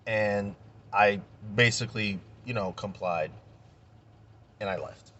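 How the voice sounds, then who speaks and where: A man's voice: fairly low pitch, takes it slowly, pauses often, a bit bright, lo-fi sound. A young man telling a story in a casual vlog rant, heated and profane, repeating himself when he gets worked up. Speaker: vlogger.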